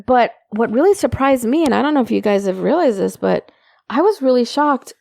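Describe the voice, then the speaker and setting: A woman co-hosting a podcast, a mother chatting casually and telling an animated story. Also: fairly high pitch, fairly quick, creaky, dry recording. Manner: animated storytelling, mother talking about her kids. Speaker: podcast co-host. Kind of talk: casual chat.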